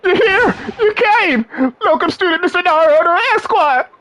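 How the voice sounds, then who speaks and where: Woman doing a high, shrieking young scholar man, melodramatic, stammering, game let's play voice, wildly lively. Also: moderate pace, poor audio. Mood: overjoyed. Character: excitable, theatrical young Japanese scholar man.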